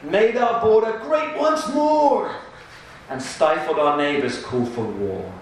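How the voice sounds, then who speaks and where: Man, playful storyteller, animated pitch, live reading, echoey room, distant mic, background noise. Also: slow. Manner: playful, joking, laughs often. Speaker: reader at a live storytelling event. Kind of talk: reading a rhyming picture book aloud with banter.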